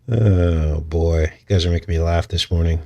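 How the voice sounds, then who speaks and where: A man with a fairly low voice hosts a casual livestream. He rambles from point to point, chuckles often and speaks straight to viewers in the chat. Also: gravelly, warm tone, a little hiss or hum. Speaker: channel host.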